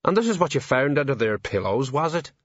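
A man's voice: mid-range voice, sing-song, a little fast, slightly rough, dry recording, highs cut off. A man voicing a weary, sardonic male desk sergeant. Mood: wry.

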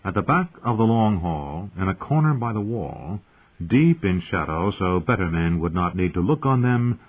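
Man, audiobook narrator, measured tense storytelling, low husky voice, phone-like audio. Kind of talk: dramatic fantasy audiobook narration.

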